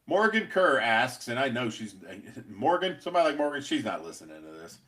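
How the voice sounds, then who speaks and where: A middle-aged man co-hosts a podcast in loose, unscripted chat. His pitch sits in a plain middle range, and he rambles, restarts his sentences and swears freely. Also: very animated, heavy background noise. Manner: rambling, halting restarts, blunt and profane. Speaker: pest control podcast co-host.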